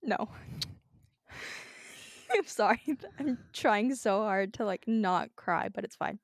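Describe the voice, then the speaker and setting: A woman's voice: mid-range voice, expressive, slow pace, long pauses, no room sound, studio quality. A woman co-hosting a podcast in casual chat, giggly and emotional, laughing often. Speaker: podcast co-host.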